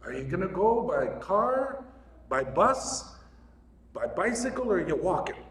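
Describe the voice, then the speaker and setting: Male preacher doing an old Irish pub regular, put-on brogue, dry and unhurried; echoey hall, distant mic. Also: high-pitched, very animated, fairly bright tone, pitched above the performer's own voice, exaggerated voice. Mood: deadpan.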